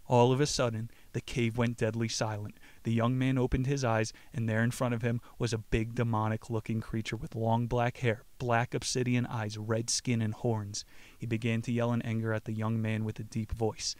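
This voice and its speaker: A man's voice: medium pitch, little pitch movement, normal speed, clear, resonant tone, no echo. Laid-back, foul-mouthed man with a dry, close sound. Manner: profane, rambling, laid-back slang. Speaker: podcast host. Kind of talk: casual book commentary and reading aloud.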